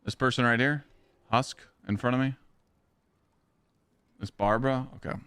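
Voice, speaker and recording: A man's voice: medium pitch, fairly even intonation, normal speed, a bit bright, smooth, no echo. A young man live-streaming a game, chatting casually in a rambling, profane way and answering viewers' questions. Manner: profane, rambling, reads chat aloud.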